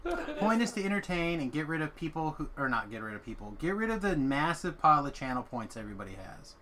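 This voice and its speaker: Lively, bright-voiced male streamer. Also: fairly high pitch, fast talker. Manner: playful, thanks viewers with goofy flourishes. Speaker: streamer host. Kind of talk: casual gaming stream chat.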